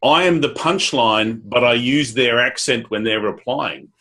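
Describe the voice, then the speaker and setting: Measured Australian man asking a question. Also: mid-range voice, bright, forceful tone. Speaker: audience member asking a question.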